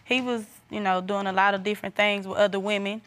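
A woman's voice: medium pitch, fairly even intonation, fast talker, fairly bright tone. A woman testifying in a TV courtroom as the child's mother, insistent and defensive, repeating her denials.

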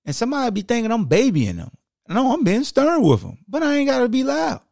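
A man hosts a sports podcast in an unscripted, casual monologue, drawling emphatic points with plenty of "like" and "y'all." His voice has a gravelly edge. He's recorded up close in a dead, dry room. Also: very high-pitched, sing-song, a little fast, darkish tone, no echo. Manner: conversational, emphatic, heavy use of "like" and "y'all".

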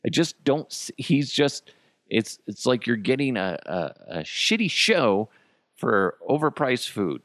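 A man's voice: mid-range voice, measured pace, no echo, clean studio sound. A man hosting a podcast, ranting in a profane, mocking, comedic way. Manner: swears constantly, animated and mocking. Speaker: podcast host.

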